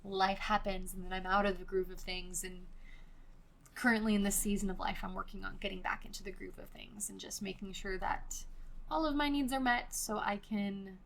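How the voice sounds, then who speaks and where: A woman's voice: medium pitch, fairly even intonation, moderate pace, creaky, a bit bright. A woman with a Californian Valley girl accent hosting a casual solo podcast, chatty and loose, filling her talk with "like" and casual swearing. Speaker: podcast host.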